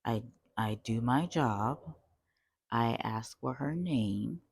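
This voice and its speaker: A woman telling a call-center story in a chatty, animated storytime vlog, full of fillers. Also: rumbling low, slow pace, gravelly, husky, no echo.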